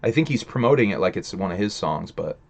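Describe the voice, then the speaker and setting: A man's voice: low-pitched, expressive, quick pace, gravelly. Profane, rambling male livestream host. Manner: profane, rambling, fillers, chats to viewers. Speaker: livestream host reading chat. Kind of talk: casual livestream chat.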